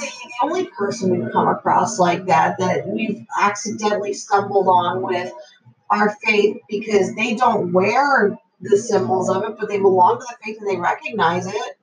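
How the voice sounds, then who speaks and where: A woman's voice: mid-range voice, a little slow. A woman co-hosting a casual talk, earnestly telling about her faith and a customer at work. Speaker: podcast co-host. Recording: echoey and distant with crowd noise.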